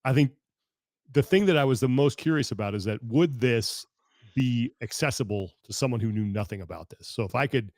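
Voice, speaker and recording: A man co-hosting a podcast in casual chat, quick and opinionated. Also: medium pitch, a little mellow, no room sound, studio quality. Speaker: podcast co-host.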